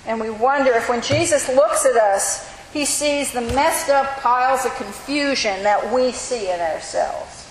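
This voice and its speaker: A woman pastor delivering a sermon, measured and reflective, pausing slowly for emphasis. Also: high voice. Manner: measured, reflective preaching with slow emphatic pauses. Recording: echoey hall with faint hiss.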